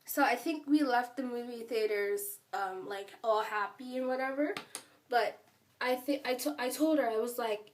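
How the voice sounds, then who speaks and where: A woman's voice: fairly high pitch, normal speed. A woman vlogger telling a story in a casual, rambling way, filling her speech with "like" and stressing her points hard. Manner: rambling and emphatic, heavy use of filler "like". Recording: voice a bit far from the mic.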